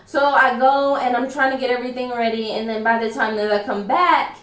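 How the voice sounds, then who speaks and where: A woman's voice: on the high side, steady tone, a little fast, a bit bright. Storytime vlogger, woman, chatty, heard from back off the mic in an echoey room. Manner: chatty retelling full of "like". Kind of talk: storytime vlog. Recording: roomy, distant from mic.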